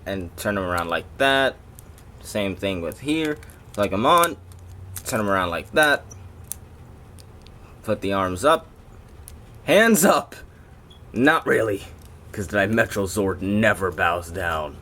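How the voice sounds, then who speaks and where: A man's voice: low voice, lively intonation, unhurried, pauses often, sharp tone, slight background noise. A man doing a casual toy review, rambling and breaking off into jokey asides to his viewers.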